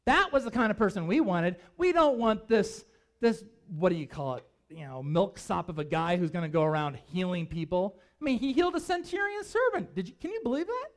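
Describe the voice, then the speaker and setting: A man preaching a sermon as pastor, emphatic and animated, with conversational asides. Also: sits high, fairly quick.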